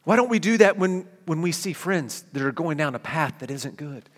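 A man preaching a sermon as a pastor, animated and given to sudden emphatic bursts. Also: a little high, normal speed. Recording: long hall reverb.

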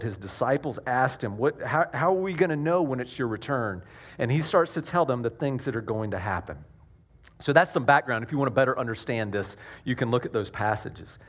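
Joking Southern pastor preaching. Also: male voice, medium pitch. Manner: earnest, self-deprecating, restarts often. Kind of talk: sermon with jokes.

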